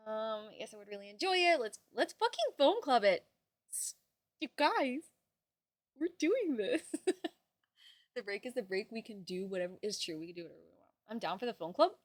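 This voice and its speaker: A young woman streamer chatting casually with her viewers, bubbly and quick to swear. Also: on the high side, sing-song, dry recording.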